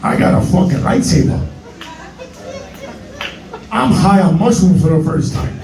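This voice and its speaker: A man in his forties with a New York Bronx accent, telling a profane, excitable stand-up story that keeps jumping into high yelps. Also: unhurried, roomy sound, distant mic, a faint crowd, low-quality recording. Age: 40s. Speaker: stand-up comedian.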